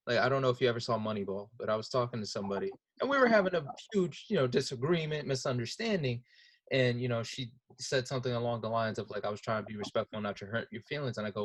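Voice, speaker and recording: A man's voice: medium pitch, dry recording. A man hosting an interview, chatting conversationally and telling stories with quoted asides. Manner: animated storytelling with quoted asides. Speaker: interview host.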